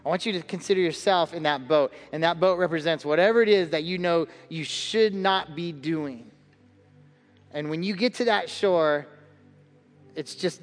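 A man's voice: fairly high pitch, moderate pace, long reverb tail, soft background music. A male pastor preaching a conversational sermon to a congregation. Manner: conversational preaching, acts out quoted voices.

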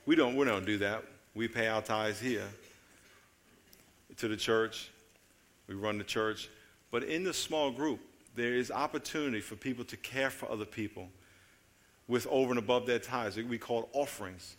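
A man preaching a sermon, telling stories with acted-out voices and jokes, moving between loud excited calls and quiet low asides. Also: normal speed. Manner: animated storytelling, acting out voices and jokes. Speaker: pastor.

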